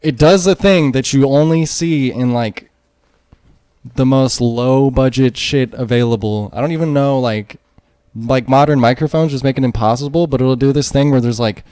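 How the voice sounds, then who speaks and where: A man co-hosting a movie podcast in casual chat, sardonic and deadpan with lots of "like" fillers. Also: medium pitch, moderate pace, smooth, no echo. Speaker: podcast co-host.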